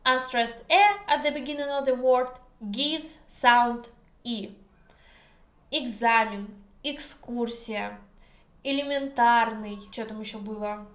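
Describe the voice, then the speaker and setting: Russian woman, native speaker, teaching in her kitchen; high, slow, playful, echoey room. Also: fairly bright tone. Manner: slow, careful, hesitant English with many pauses; playful, joking. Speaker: language teacher. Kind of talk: casual video lesson. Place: home kitchen.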